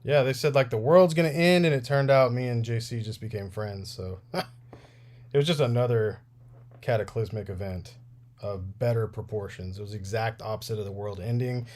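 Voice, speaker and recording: Fixing action figures on a livestream, a man in his thirties chats in a casual, rambling way and laughs often. His voice sits on the low side, dark in tone, at a normal speed.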